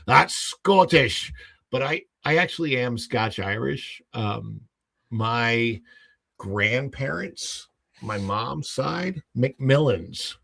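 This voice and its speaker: A man hosts a casual livestream podcast in a creaky, fairly bright mid-range voice. He rambles with many fillers and restarts, often laughing at his own stories.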